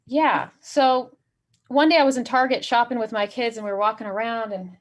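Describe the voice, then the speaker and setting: A woman delivering a stand-up set with animated storytelling. Her voice sits a little high, and she jumps into quoted voices as she goes. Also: normal speed. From Chicago area. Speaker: stand-up comedian.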